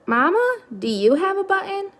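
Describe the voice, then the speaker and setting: A woman voicing a small, anxious young male gosling who talks in a high, worried, sniffly way. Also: very animated, moderate pace, a bit bright, exaggerated voice. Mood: eager, worried.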